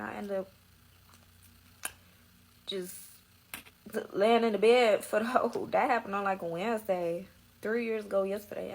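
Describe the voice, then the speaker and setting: A woman's voice: mid-range voice, creaky, slight background noise, rough recording. A young woman telling her own story in a slangy, emotional way, close to tears at times. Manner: slangy, tearful, dramatic retelling.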